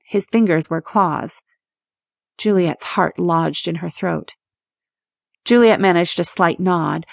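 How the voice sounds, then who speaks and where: A woman narrating a romance audiobook in a measured, expressive reading. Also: lowish voice, vocal fry, dry recording, clean studio sound. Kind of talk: scripted narration.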